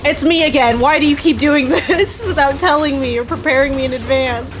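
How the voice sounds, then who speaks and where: A woman's voice: sits high, a little fast, over music, rough recording. A woman casually chatting while playing a video game, laughing often and getting emotional. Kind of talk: casual gaming chat.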